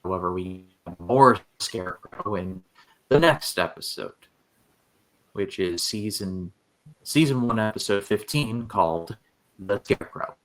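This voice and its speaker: A man with a fairly low voice chats on a casual podcast. He weighs in with easygoing scores and opinions. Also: lively intonation, unhurried. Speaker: podcast co-host. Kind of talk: casual chat.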